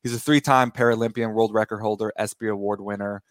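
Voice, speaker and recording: A man's voice: on the low side, fairly even intonation, fast, no room sound. A man in his thirties, a guest on a talk show, telling a long story in a rambling way, correcting himself and laughing as he goes. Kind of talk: casual interview storytelling.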